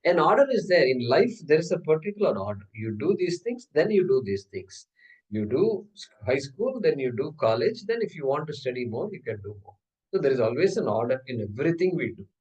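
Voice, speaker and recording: A man's voice: fairly high pitch, sing-song, brisk, a little mellow. Man teaching scripture, from a distance. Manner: explains step by step, with rhetorical questions; chants Sanskrit terms and verses. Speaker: Vedanta teacher. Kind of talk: scriptural class lecture. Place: class hall.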